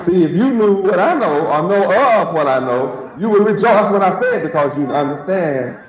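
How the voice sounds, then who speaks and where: A man's voice: high-pitched, animated, moderate pace. A man preaching a sermon to a congregation, emphatic and repetitive, full of rhetorical questions. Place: large hall with congregation. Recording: echoey hall, lo-fi, crowd.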